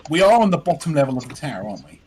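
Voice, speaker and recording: A man's voice: on the high side, big pitch swings, very fast, a little mellow, a little hiss or hum. A man playing a tabletop game, hesitant and thinking aloud with ums. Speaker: player.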